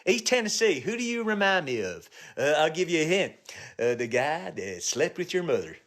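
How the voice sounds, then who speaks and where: A middle-aged male comedian riffing crude jokes to viewers on a phone live stream, dropping to low mutters and jumping to high yelps. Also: sing-song, normal speed, a bit bright.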